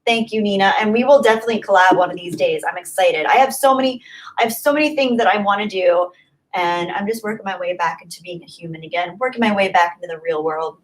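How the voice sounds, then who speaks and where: A woman's voice: mid-range voice, quick pace, low-quality recording. Chatty young woman streamer. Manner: chatty, rambling, repeats herself. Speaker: livestream host. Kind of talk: casual chat, reading viewer comments.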